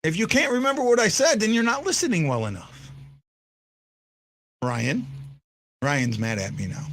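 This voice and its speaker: Hosting a fan podcast as a casual live stream, a man rambles, repeats himself, and teases his viewers while reacting to a game. His voice is fairly high and fairly bright.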